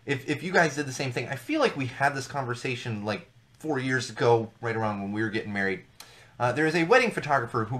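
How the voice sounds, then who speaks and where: A man's voice: medium pitch, fairly bright tone. Male host, thirties, loose solo commentary, riffs and repeats lines for effect. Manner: rambling, jokey asides, repeats for emphasis. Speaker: podcast host. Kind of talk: casual solo commentary on news.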